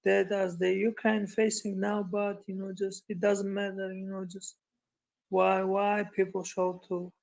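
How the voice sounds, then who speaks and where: A young man talks hesitantly and leans on the same fillers. His voice is high for a man, held in a narrow, flat range, with a gravelly fry underneath. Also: unhurried. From Georgia. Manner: hesitant, filler-heavy, repeating "you know, just". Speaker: guest. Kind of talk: casual chat in an online audio room.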